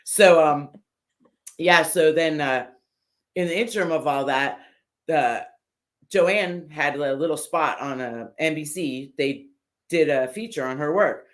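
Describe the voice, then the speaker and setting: Older woman, interview guest, lively storyteller, acts out what others said, frequent "um" and "uh", casual and unpolished. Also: low-pitched, measured pace. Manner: animated storyteller who acts out what others said, with many fillers. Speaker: guest, custom motorcycle builder.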